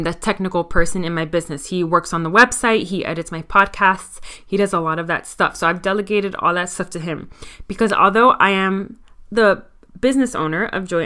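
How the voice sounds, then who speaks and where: A woman's voice: lowish voice, bright, forceful tone, clear, resonant tone. A woman with a Miami accent hosting her own podcast, talking in a chatty, candid and self-mocking way. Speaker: podcast host. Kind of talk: casual solo podcast talk.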